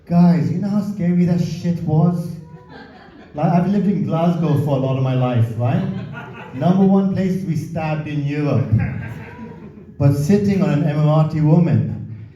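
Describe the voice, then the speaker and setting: Through a dull, distant, roomy club recording comes a man with a slightly high, dark-toned voice speaking a little slowly. He's doing crude, swearing stand-up on a comedy club stage, bantering casually with the audience.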